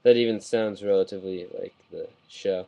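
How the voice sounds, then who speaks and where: Excitable rambling man on a webcam. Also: low voice, moderate pace, gravelly, poor audio. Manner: excitable, rambling, frequent self-corrections. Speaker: model kit reviewer. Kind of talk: casual rambling review. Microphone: webcam mic.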